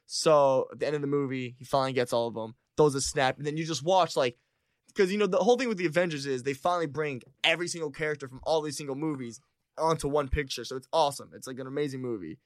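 A man telling stories in casual podcast banter, animated and crude, joking with friends. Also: fairly high pitch, dry recording, clean studio sound. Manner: fast, animated storytelling with crude jokes. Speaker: comedian.

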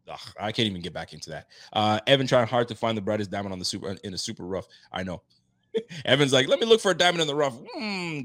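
A man hosting a casual sports podcast, animated and laughing, getting loud for emphasis. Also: medium pitch. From Haitian roots. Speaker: podcast host.

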